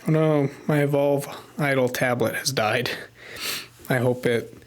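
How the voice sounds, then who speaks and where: A man's voice: medium pitch, a little slow. A man live-streaming a puzzle game, thinking aloud and muttering to himself as he works things out at his desk microphone. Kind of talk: casual live-stream commentary while gaming.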